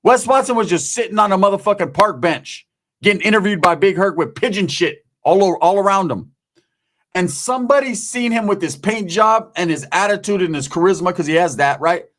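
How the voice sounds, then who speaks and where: A man's voice: sits high, expressive, fairly quick, fairly bright tone. A man telling stories and ranting in casual street slang, swearing freely as a YouTube commentator. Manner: profane, streetwise storytelling with slang. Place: home.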